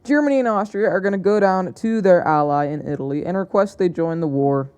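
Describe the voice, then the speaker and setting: Young male narrator, soft dark tone, chatty and unpolished, stumbling and fixing his words as he goes. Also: sits high, a little fast, smooth. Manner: hesitant, self-correcting, chatty. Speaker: narrator of an alternate-history map video. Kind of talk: casual unscripted narration.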